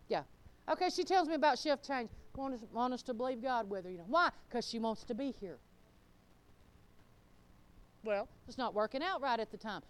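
A middle-aged woman preaches to her congregation in a fairly high voice. She goes from loud, fervent exclamations down to low asides and laughs often along the way. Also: lively intonation, moderate pace, clear, resonant tone. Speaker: pastor. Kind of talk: sermon.

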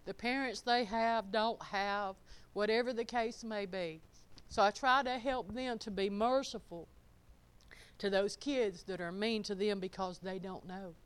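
This middle-aged woman preaches slightly slowly in a clean, mid-range voice. Her sermon is folksy and forceful, shifting from loud statements to hushed asides punctuated by chuckles.

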